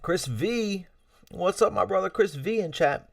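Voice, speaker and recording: A man's voice: sits high, animated, measured pace, creaky, no room sound, clean studio sound, recorded from a distance. A man hosting a casual livestream, chatting with viewers in a rambling, friendly way with many fillers and chuckles. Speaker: livestream host. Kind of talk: casual livestream chat reading out chat messages.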